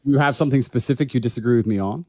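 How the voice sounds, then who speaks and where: A fast, assertive man born in the United Kingdom debates over a remote call. His voice is dark and mellow, and the sound is dry, with no room echo. He speaks like he is lecturing. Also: medium pitch. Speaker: guest.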